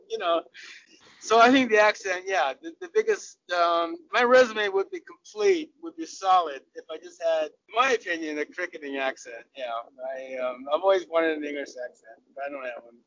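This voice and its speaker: A man's voice: high voice, expressive, normal speed, gravelly, fairly bright tone. An older man from Southern California with an American accent, a cricketer guest telling stories in a casual, chatty interview with lots of restarts. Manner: chatty, laughing, many restarts. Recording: dull lo-fi audio.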